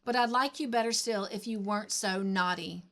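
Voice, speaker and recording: An earnest young schoolteacher, kindly but firm, speaking with sincere warmth, as a woman reads her in a storybook. Her voice sits a little above the reader's usual pitch. She sounds plain and gentle, with a steady edge when she needs to be firm. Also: moderate pace, natural voice. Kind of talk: storybook reading.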